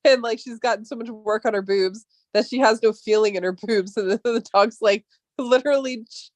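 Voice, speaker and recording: A young woman with a light Valley Girl lilt talks casually, sprinkling "like" and the odd swear word. She laughs often and leaps up in pitch when she mimics others. The recording is close and dry, with no room sound. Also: brisk, a little mellow, dry recording. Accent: Californian Valley Girl. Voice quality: upspeak, peppered with "like", swears casually. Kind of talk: casual chat.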